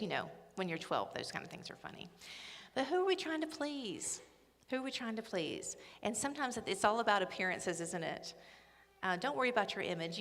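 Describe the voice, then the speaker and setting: A woman's voice: lowish voice, gravelly, a bit bright. A middle-aged woman speaking at a church ladies' day, chatty, humorous and emphatic. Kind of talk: church talk. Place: church hall. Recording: echoey hall with long reverb.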